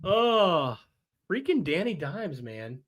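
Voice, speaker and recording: A man hosting a live reaction stream, excited and rambling, apologizing as he juggles things. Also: sits high, takes it slowly. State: recovering from a week of sickness, coughing.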